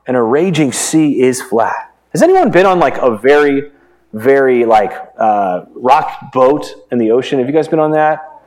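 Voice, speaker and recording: A man's voice: medium pitch, lively intonation, unhurried, a little mellow. A man preaching a sermon in a conversational way, asking the congregation questions and retelling the story. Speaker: pastor.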